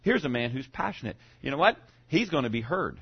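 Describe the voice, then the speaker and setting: A man preaching a sermon to his congregation, swinging from loud to hushed as he goes. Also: medium pitch, big pitch swings, brisk, slightly rough. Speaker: pastor. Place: church sanctuary. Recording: dull lo-fi sound.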